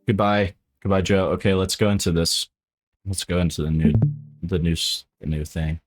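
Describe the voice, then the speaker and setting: A man's voice: low-pitched, level tone, moderate pace, over loud music. Drunk, crude man hosting a podcast. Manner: crude, rambling, joking. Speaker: podcast host. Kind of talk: casual chat.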